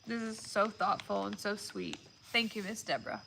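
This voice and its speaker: A woman's voice: mid-range voice, normal speed, creaky. A woman chatting casually on a live stream while she opens gifts. She gets emotional and is often close to tears. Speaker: vlogger opening viewer gifts. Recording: loud background noise with crinkling.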